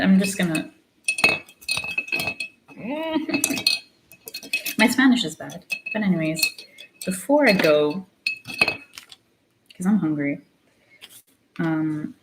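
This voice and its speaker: Low-pitched young woman vlogger, casual painting chat, blunt and sweary, faint background noise. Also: animated, drawn-out words, long pauses. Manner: ranting, profane, blunt; drops into Spanish phrases. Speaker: artist vlogger.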